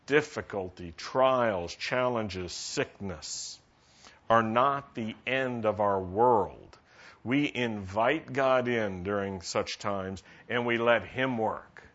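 A man's voice: on the low side, takes it slowly, a bit bright. A male pastor preaching a sermon and asking the congregation questions to draw them in. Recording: dull lo-fi sermon recording.

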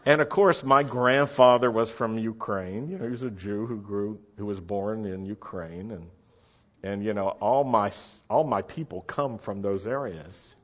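A middle-aged man telling a story in a chatty, animated way, often checking that his listeners follow. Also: lowish voice, unhurried. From United States. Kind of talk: casual anecdotal storytelling. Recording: dull lo-fi recording.

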